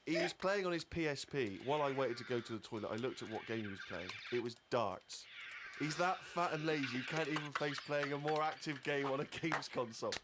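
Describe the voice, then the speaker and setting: A man co-hosting a comedy podcast, reading a diary aloud in a dry, deadpan way. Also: medium pitch, brisk, background noise. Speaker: co-host.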